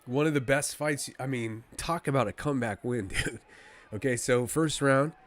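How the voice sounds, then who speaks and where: Speaking at a medium pitch and a moderate pace, this guy gives loose, fan-style commentary on a fight to his stream audience. He gets excited, wanders off topic, and talks to the chat between calls.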